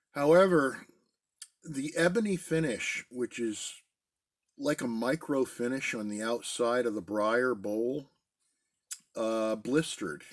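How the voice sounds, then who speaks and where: A middle-aged man chatting casually in a relaxed, rambling way from a basement den at home. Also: fairly low pitch. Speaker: pipe-smoking video host. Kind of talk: casual pipe-smoking chat.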